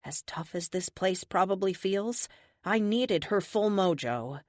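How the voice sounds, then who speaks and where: A woman narrating a first-person audiobook in an expressive, animated way. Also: mid-range voice, unhurried, no echo, studio quality.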